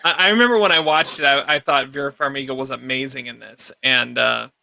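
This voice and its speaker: A man's voice: mid-range voice, brisk, creaky, dry recording. A man co-hosting a podcast, chatting casually about films and restarting his sentences as he argues a point. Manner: restarts sentences, animated when arguing. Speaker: podcast co-host leading the segment. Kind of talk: casual film discussion.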